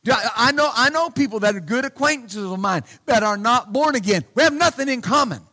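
A male pastor preaching a sermon bluntly and emphatically, often saying hallelujah and shouting his key points. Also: extremely high pitch, expressive, fairly quick.

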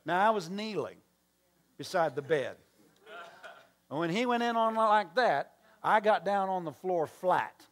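A man preaching from the pulpit in a voice pitched a little higher than most men's. He tells his story by acting out both sides of the conversation and breaks off to toss questions and asides to the congregation. The delivery is a pastor's sermon storytelling. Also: animated, unhurried, long pauses, a bit bright. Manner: storytelling with acted-out dialogue and call-and-response asides.

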